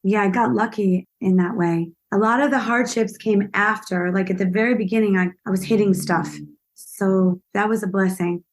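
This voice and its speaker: Chatty actress telling stories. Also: female voice, mid-range voice, normal speed. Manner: lively, self-deprecating anecdotes. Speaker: actress guest. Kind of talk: podcast interview storytelling.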